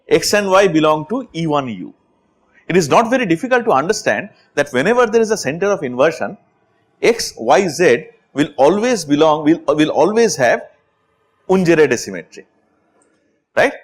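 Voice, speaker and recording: A man with an Indian English accent lectures on chemistry. His voice sits a touch high and swings widely up and down as he works through each point, checking in with rhetorical questions along the way. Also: normal speed. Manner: animated, asks rhetorical questions with repeated "right?". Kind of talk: university lecture.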